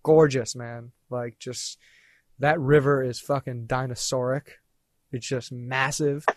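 A man in his thirties, a podcast guest, telling a story in a casual, animated way and acting out what people said. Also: mid-range voice, slow pace, no echo. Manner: animated, swearing, acts out quoted lines.

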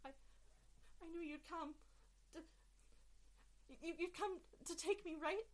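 A woman's voice: extremely high pitch, voice pushed up. A woman voicing a trembling scaly alien captive. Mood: pleading. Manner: shaky, pleading, halting. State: distressed. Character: frightened young alien captive with silver scales.

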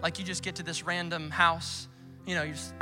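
A man preaching a sermon as pastor, lively and casual, acting out conversations with God in quick bursts. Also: a little high, big-room sound, loud music behind the voice. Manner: animated, acts out dialogue with God.

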